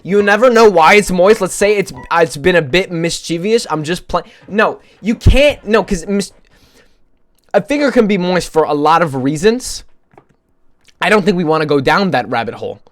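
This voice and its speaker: A man's voice: sits high, lively intonation, moderate pace. A male streamer chatting casually with his viewers, rambling, joking, swearing and poking fun at himself. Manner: rambling, joking, profane, self-mocking.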